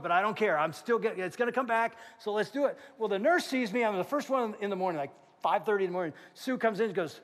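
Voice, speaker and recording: A middle-aged man preaches in a large church, his voice sitting high for a man and carrying a long reverb through the hall. He tells stories with energy, acting out the lines of the people in them. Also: quick pace, hardly any pauses. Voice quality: animated storyteller, acts out quotes. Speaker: pastor. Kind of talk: sermon.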